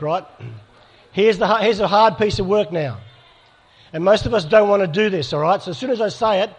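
Man, slightly high voice, pastoral workshop leader addressing a live crowd. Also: breathy edge. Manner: pastoral and direct, asks audience for hands up. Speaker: speaker at a church conference. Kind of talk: live workshop talk to an audience.

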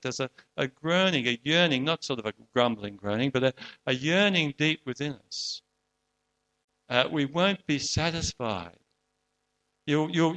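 A man's voice: medium pitch, a bit bright. A man preaching a sermon in an earnest, conversational way, often restarting and asking rhetorical questions.

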